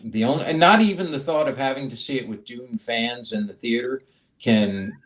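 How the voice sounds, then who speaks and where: A man's voice: medium pitch, moderate pace. A man co-hosting a podcast, chatting casually and arguing his point emphatically and playfully. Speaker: podcast co-host. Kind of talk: casual chat.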